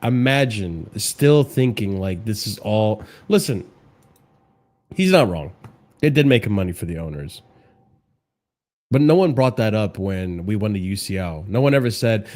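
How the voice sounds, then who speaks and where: A man hosting a casual reaction stream, mocking and profane, swinging between low mutters and loud outbursts into a desk microphone. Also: lively intonation, unhurried. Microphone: desk microphone, clipping when loud.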